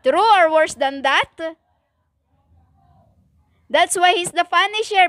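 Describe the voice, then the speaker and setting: High, slow stern woman preaching. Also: fairly bright tone, no echo, studio quality. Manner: stern, emphatic, halting with many fillers; non-native English grammar. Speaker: self-styled prophetic preacher. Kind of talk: religious monologue.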